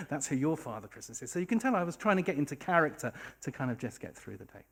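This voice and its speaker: Wry male storyteller, fairly high. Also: quick pace, slightly rough. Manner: wry, self-deprecating, animated. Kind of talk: live storytelling. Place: bar stage.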